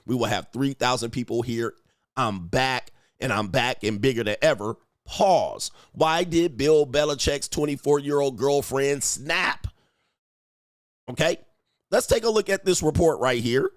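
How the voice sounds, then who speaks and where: A man's voice: medium pitch, lively intonation, unhurried, no room sound, studio quality. A man hosting a livestream, delivering a profane, mocking comedic rant with repeated catchphrases. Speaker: livestream host and dating coach.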